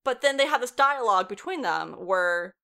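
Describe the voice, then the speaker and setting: A woman's voice: medium pitch, animated, normal speed, gravelly, pushed and bright, clean tone. A woman in her twenties retelling a story in a casual, chatty way, swearing freely and laughing often. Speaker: show reviewer. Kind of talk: casual plot recap.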